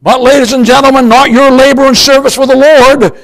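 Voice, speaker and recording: A man's voice: extremely high pitch, steady tone, fairly quick, fairly bright tone, low-quality recording. An older man preaching a sermon as pastor, emphatic, often calling his listeners "beloved" and asking them questions. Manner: emphatic, repeats "beloved", asks the congregation questions.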